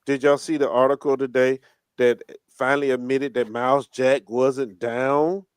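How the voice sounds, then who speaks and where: A man's voice: medium pitch, level tone, moderate pace, clear, resonant tone, dry recording, studio quality. A man co-hosting a sports podcast, chiming in and repeating phrases in casual chat. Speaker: podcast co-host.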